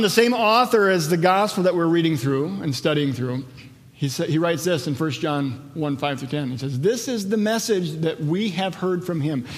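A man preaching a sermon in a conversational way, slowing down when he quotes scripture. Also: on the high side, long reverb tail. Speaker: pastor.

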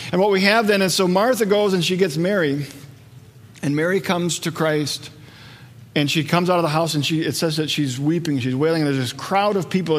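A man preaching a sermon, telling stories with energy and acting out the voices of the people in them. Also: sits high. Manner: lively storytelling, acts out voices. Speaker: pastor. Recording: long reverb of a large hall.

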